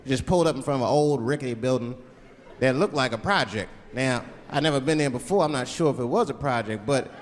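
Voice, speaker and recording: A male stand-up comedian performing an animated set on stage before a live audience, slipping into voices. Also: mid-range voice, quick pace. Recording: live hall with crowd noise.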